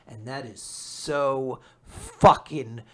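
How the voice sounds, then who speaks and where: Animated, swearing manga podcast host. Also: medium pitch, drawn-out words. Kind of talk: casual manga recap.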